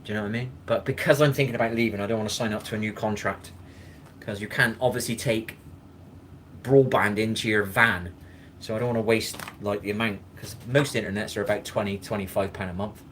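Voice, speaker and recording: A man's voice: lowish voice, fairly even intonation, brisk, fairly bright tone, slight background noise. A man hosting a live stream in casual chat, rambling, swearing and greeting viewers by name.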